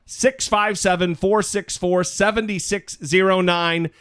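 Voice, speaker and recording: A man's voice: high-pitched, steady tone, slow pace, fairly bright tone, clear, resonant tone. A man co-hosting a casual political podcast, chatty and rambling, swearing casually. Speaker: podcast co-host. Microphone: studio mic.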